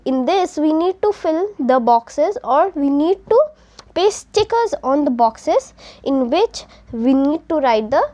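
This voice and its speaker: A young woman with an Indian accent talks through a beginner French exercise like a patient teacher. Her voice sits high, and she explains each point step by step, slipping between Hindi and English as she goes. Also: darkish tone. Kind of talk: explaining a textbook lesson.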